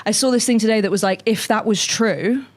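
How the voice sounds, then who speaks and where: A young woman chatting casually as a podcast co-host, animated and full of fillers and swearing. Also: a little high, brisk. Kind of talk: casual chat.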